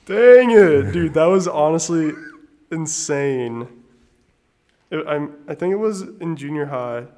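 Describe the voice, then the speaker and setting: A man's voice: fairly high pitch, expressive, slow, long pauses, warm tone. A man in his twenties, a podcast guest who talks eagerly about old memories and giggles often. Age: 20s. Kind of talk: casual chat.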